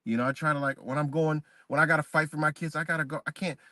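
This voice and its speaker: A man's voice: fairly high pitch, steady tone, fast, no echo. Profane rambling man on a live stream. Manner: profane, rambling, restarts a lot, swings between muttering and loud. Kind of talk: casual rant on a live stream.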